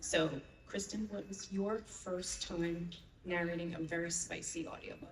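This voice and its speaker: A woman's voice: lowish voice, fairly even intonation, normal speed. Woman moderating a panel in an echoey hall. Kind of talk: reading guest introductions at a convention panel. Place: large convention panel room. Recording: echoey hall, mic heard from a distance.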